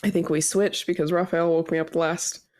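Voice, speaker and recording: A woman in her thirties co-hosting a casual podcast chat, telling lively stories and acting out the voices of people she quotes. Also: fairly low pitch, a little fast, no echo. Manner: animated storyteller acting out quotes. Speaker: podcast co-host.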